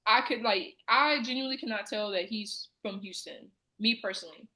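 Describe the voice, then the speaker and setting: A Southern American woman co-hosts a podcast, chatting loosely with plenty of fillers. Her medium-pitched voice is brisk, bright, and forceful, captured on a rough recording.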